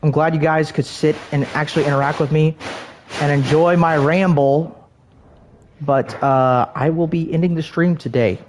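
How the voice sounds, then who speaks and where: A man streaming a video game and rambling to his chat, swearing often and filling every pause with "like". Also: a little high, fairly even intonation, darkish tone, slight background noise. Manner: rambling, profane, heavy on fillers. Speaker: gaming streamer. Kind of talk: rambling livestream chat while gaming.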